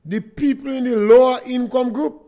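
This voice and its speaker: Grenadian guy hosting call-in radio, real high pitched voice, pushy emphatic delivery. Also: steady tone, moderate pace, mellow. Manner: emphatic, rhetorical questions. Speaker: radio talk show host. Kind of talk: call-in political talk radio. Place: radio studio.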